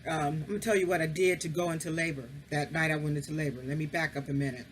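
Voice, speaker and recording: A woman's voice: low-pitched, steady tone, quick pace, slight background noise. A woman casually telling a personal story, frank and candid, swearing freely and confiding straight to the listener.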